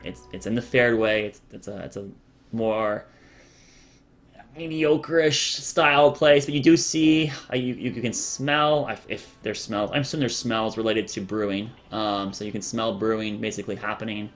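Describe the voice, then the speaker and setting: A man's voice: lowish voice, moderate pace. A man narrating a tabletop game as dungeon master, casual and rambling, with many fillers.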